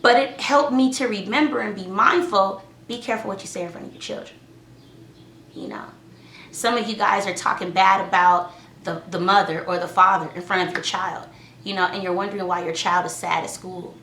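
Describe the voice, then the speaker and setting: A woman giving casual parenting advice, lively and acting out what was said in a raised voice. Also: mid-range voice, brisk, slight background noise. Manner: lively, acts out quotes in a raised voice. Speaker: parenting talk co-host. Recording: echoey room.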